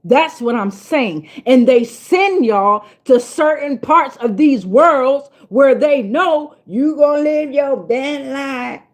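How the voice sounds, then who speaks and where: Woman, tarot reader, casual spiritual vlog, fairly high voice, blunt, preachy and profane. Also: slow pace, few pauses. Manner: emphatic, repeats herself for weight.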